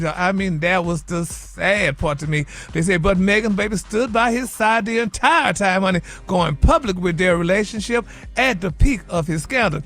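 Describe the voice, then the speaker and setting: A man's voice: high voice, a bit bright. Flamboyant man dishing celebrity gossip. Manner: flamboyant and sassy, sprinkles "honey", "baby" and "y'all" throughout. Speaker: radio show's celebrity gossip reporter. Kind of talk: celebrity gossip segment on morning radio.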